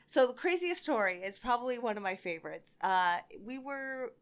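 A young woman telling a story on a casual podcast, laughing often and getting loud when she acts out quotes. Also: fairly high pitch, big pitch swings, normal speed, clear, resonant tone. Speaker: bartender guest.

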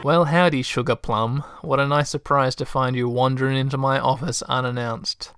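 A man's voice: mid-range voice, steady tone, normal speed, fairly bright tone, clean tone, no room sound, clean studio sound, faint music behind, natural voice. Man putting on a sugary Texan lady. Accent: put-on Texan. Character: chirpy Texan woman office boss, syrupy.

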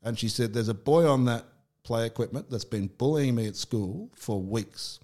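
A man's voice: mid-range voice, moderate pace, warm tone. A middle-aged Australian man telling personal stories candidly in casual conversation, with frequent restarts. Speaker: podcast guest.

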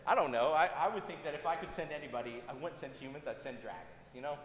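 Male pastor, sermon, casual and funny delivery, fairly high voice, long reverb from a church hall. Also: fast talker, fairly bright tone. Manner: conversational, humorous.

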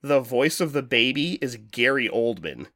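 A man talking loosely on a podcast, rambling from one point to the next, with lots of swearing and quick laughs. His voice sits in a middle register and sounds dry and close to the mic. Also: mid-range voice, very animated, sharp tone, no echo. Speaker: podcast co-host. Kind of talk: casual chat.

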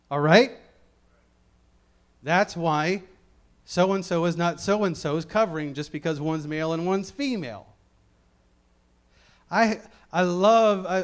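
A middle-aged man with a high voice preaches a Bible-teaching sermon conversationally. He tosses in joking asides and repeats key phrases for emphasis.

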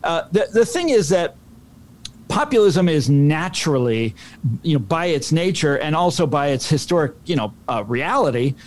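A man's voice: fairly high pitch, sing-song, moderate pace, a little mellow. A man appearing as an author guest, answering at length with thoughtful, stumbling restarts. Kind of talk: interview answer.

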